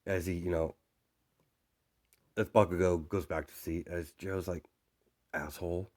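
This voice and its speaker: A man's voice: low voice, flat delivery, normal speed, a little mellow. A man narrating a fan fiction story off the cuff, rambling with many fillers and asides.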